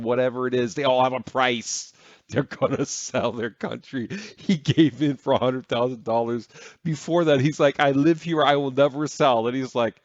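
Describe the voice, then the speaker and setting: A man's voice: medium pitch, no room sound. A man hosting a reaction video, chatting casually, swearing, laughing and trailing off. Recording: dry, slightly dull sound.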